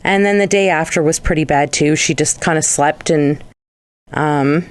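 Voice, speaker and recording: A woman's voice: deep voice, moderate pace, no room sound. Woman rambling on a podcast, swears a lot, dry close sound. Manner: chatty, swears freely, rambling storyteller. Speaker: podcast co-host. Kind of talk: casual chat.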